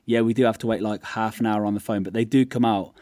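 A man's voice: fairly low pitch, fast, no room sound, studio quality. A man co-hosting a podcast in casual chat, telling stories and acting out quoted remarks. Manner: relaxed storyteller, quotes people in lively asides. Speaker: podcast co-host.

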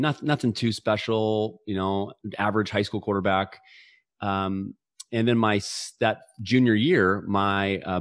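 A man's voice: fairly low pitch, no room sound, studio quality. A man in his forties telling a personal story as an interview guest, earnestly, with frequent restarts and repeated words. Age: 40s.

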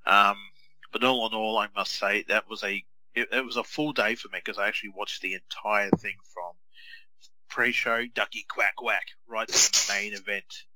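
Bright-voiced, low man. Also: steady tone, moderate pace, slight background noise, low-quality recording. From Australia. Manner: easygoing, rambling, with many fillers. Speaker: podcast co-host. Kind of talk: casual chat.

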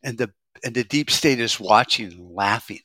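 A man's voice: medium pitch, moderate pace, bright, forceful tone, husky, no echo. An American man giving a rambling, profane monologue as a prepper vlogger, with frequent restarts.

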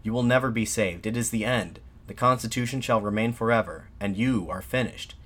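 A defiant middle-aged man harangues a crowd of soldiers, as a male narrator reads his words. He declaims insistently from a lowish voice, pushing each line up toward a shout. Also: a little fast.

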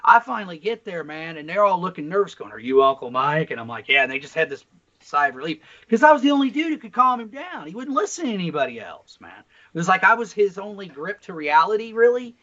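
A foul-mouthed, blunt podcast co-host, this man tells his stories with animated energy. His voice sits a little higher than most men's. The sound is slightly dull and lo-fi. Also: quick pace. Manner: heavy swearing, blunt and animated storytelling. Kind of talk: casual podcast chat.

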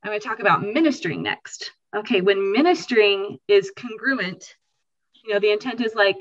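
A woman hosting a podcast, explaining ideas in a lively, conversational way and acting out what people might feel. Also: medium pitch, a little fast, dull audio. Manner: animated, acts out quoted feelings. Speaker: podcast host.

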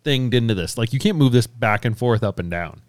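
A man in casual banter with friends, blunt and quick to swear, laughing easily as he reacts. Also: medium pitch, expressive, smooth, dry recording, clean studio sound.

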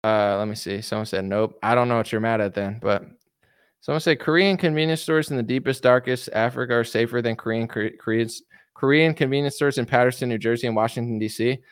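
A man talking off the cuff on a livestream, answering viewers' comments in a loose, filler-packed ramble full of restarts. His voice sits in a middle register and sounds smooth and resonant. It is caught close and dry, with no room echo. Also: mid-range voice, fairly quick. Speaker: livestream commentator reading chat. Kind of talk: casual political rant.

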